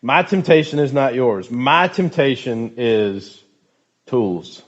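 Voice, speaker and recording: A man's voice: mid-range voice, slow, dull audio. Joking man leading a youth talk. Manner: loose, joking, animated storytelling. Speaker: youth group leader.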